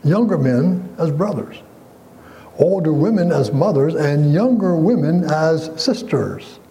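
A man's voice: fairly high pitch, animated, slow, dark tone, rough recording. A man preaching a sermon as pastor, earnest and emphatic, quoting scripture and asking the congregation questions.

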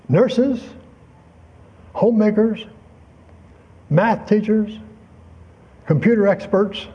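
A man's voice: high voice, slightly rough, lo-fi sound. An older man teaching a Bible lesson in a folksy, conversational way, full of asides and personal anecdotes. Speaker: preacher.

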